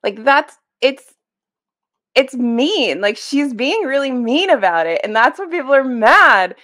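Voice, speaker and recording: A woman's voice: sits high, sing-song, measured pace, a bit bright. A woman hosting a casual reaction video about books, talking in a rambling, wryly exasperated way at home before work. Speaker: book commentary video host. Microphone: streaming webcam setup.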